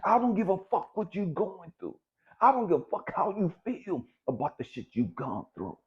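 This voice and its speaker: On a dull lo-fi recording, a middle-aged motivational speaker pushes his audience with profane bluntness, repeating points to hammer them in. His voice is high-pitched with big pitch swings, and he talks at a moderate pace.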